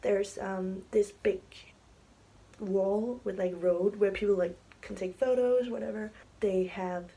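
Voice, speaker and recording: A woman's voice: mid-range voice, fairly even intonation, slow, warm tone, husky, low-quality recording. A young woman telling a story on her vlog in a chatty, casual way, full of fillers and often dropping into a whisper. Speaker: vlogger. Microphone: camera mic, sitting to film.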